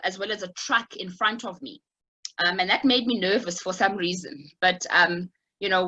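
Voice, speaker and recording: Bright, husky-voiced woman telling a story. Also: medium pitch, poor audio. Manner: reflective, many "um" and "sort of" fillers. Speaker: speaker giving an online talk. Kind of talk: personal story told in a talk.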